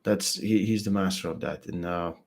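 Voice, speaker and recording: A young man chatting casually about arm wrestling, blunt and halting, full of restarts and fillers. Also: low-pitched, fairly even intonation, gravelly. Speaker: arm wrestling podcast regular. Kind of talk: casual chat.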